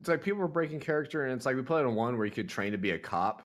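A man's voice: medium pitch, lively intonation, racing. A young man co-hosting a casual podcast, telling loose stories with lots of fillers and frequent laughs. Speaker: podcast co-host. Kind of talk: casual chat.

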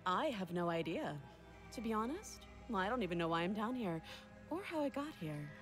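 An actress playing a chained, guarded young princess in a game, cool, unhurried and faintly haughty. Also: female voice, medium pitch, sing-song, soft background music, lightly acted. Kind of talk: scripted game dialogue.

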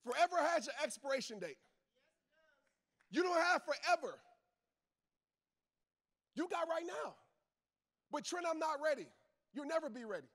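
His voice is very high and fairly bright, with a sing-song lilt, normal speed and long pauses. The man, a father and football coach who speaks motivationally, preaches emphatically to a live audience, repeating key phrases in laid-back Southern slang aimed right at the crowd.

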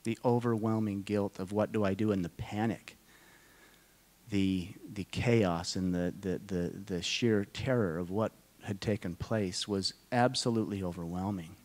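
Middle-aged guy on stage telling his story, halting and emotional, goes quiet and slow a lot. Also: lowish voice, steady tone. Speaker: conference speaker. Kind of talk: personal testimony talk to an audience. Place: conference hall.

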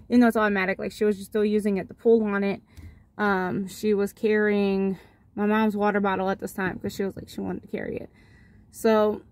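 A young mother talks from her car, recounting a family story in a loose, rambling way. She keeps circling back with fillers and restarts. Her voice sits at a middle pitch for a woman. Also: a little mellow. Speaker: vlogger and mother. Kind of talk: casual storytelling vlog.

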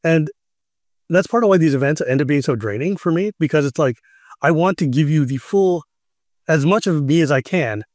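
A man hosting a casual podcast in a slightly higher voice, recorded dry with no room sound. He tells stories with animation and laughs often. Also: lively intonation, normal speed, darkish tone, dry recording. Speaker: podcast host.

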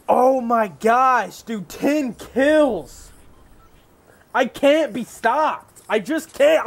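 A young man calls out his own gameplay with a very high, bouncy voice that swoops up and down. He takes his time with the words, bragging and hyped, and breaks into yells when things go his way. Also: expressive, slow pace, vocal fry, slight background noise. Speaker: gamer. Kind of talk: live gameplay commentary.

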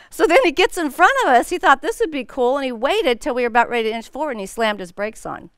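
A woman's voice: high voice, lively intonation, fast talker, few pauses, clean tone, dry recording, clean studio sound. A middle-aged woman teaching a women's Bible study, telling a personal story in a chatty way and laughing often.

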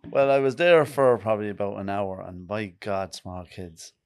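A man's voice: lowish voice, moderate pace, a little mellow, smooth, dry recording. A middle-aged Irish man on a podcast, wry and blunt, often dropping to a mutter. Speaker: guest. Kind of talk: casual podcast chat.

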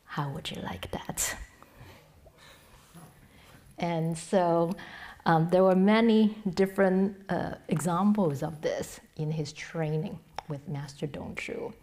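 A middle-aged woman teaching a Buddhist dharma talk in a low voice. She speaks haltingly, restarting her sentences, and her voice often sinks to a soft, breathy near-whisper. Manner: halting, with many restarts and fillers.

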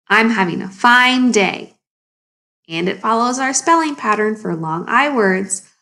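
A woman teacher takes young pupils through a phonics lesson at a very unhurried pace, stretching each sound apart. Her voice is bright and forward, with a gravelly fry at the ends of phrases, and she keeps asking the class encouraging questions. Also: a little high, very animated. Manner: slow, exaggerated sounding out of words.

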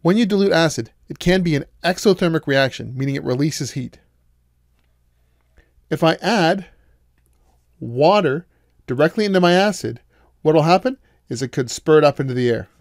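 A man's voice: a little high, normal speed, creaky, long pauses, dry recording. Patient man giving a dry math lecture. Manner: patient, explains step by step with questions to students. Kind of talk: recorded lecture.

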